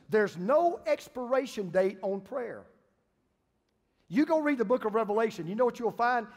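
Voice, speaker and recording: Preacher, male, middle-aged, somewhat high voice, emphatic with hushed drops, long hall echo. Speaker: pastor. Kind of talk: sermon. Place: church sanctuary.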